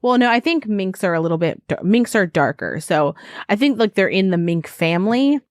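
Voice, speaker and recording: A woman's voice: medium pitch, expressive, moderate pace, no room sound. Chatty woman podcaster, dry close sound. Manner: laughs often, rambling tangents. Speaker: podcast co-host. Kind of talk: casual chat.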